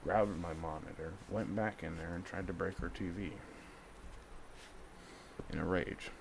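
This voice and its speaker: Gravelly-voiced man, agitated and repetitive. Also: low-pitched, fairly even intonation, unhurried, noisy background. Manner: agitated, repeats himself. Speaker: vlogger. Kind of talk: casual monologue to camera.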